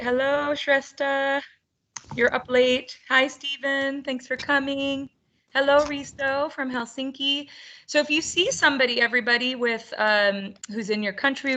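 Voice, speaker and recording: A woman's voice: a little high, bright, forceful tone. A woman hosting an online roundtable for teachers over a video call, upbeat and chatty with frequent laughter. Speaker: webinar host.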